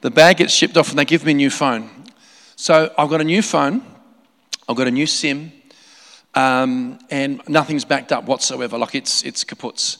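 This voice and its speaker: A man preaching a sermon, telling a story in an animated way with laughing asides and many restarts. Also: medium pitch, normal speed. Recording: long hall reverb.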